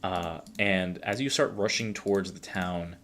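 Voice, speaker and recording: A man's voice: deep voice, unhurried, noisy background. A man narrating a tabletop game as game master, in a casual, rambling way with many fillers.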